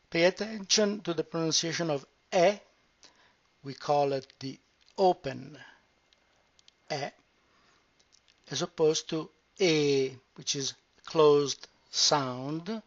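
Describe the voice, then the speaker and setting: Very slow, deliberate woman teaching pronunciation. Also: low voice. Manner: slow, deliberate, drawn-out modelling of words. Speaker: language teacher. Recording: muffled lo-fi recording.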